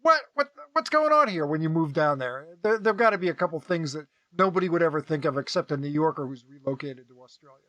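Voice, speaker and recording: A man's voice: a little high, animated, fast, hardly any pauses, a bit bright. A man hosting a casual interview, asking teasing, jokey questions. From Philadelphia area. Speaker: host.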